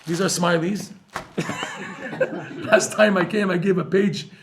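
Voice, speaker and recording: Man, lively Torah class, slightly high voice, faint background noise, jokey. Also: slow. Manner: animated, jokey, uses Hebrew terms. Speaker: Torah teacher. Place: room with a live audience.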